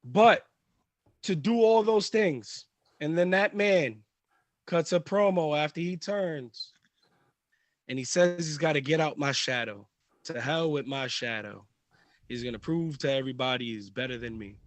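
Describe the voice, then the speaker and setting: A man's voice: a little high, unhurried, no echo. A man who is a pro wrestler cutting a heated, trash-talking promo on a live stream. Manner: intense, trash-talking, builds to shouting.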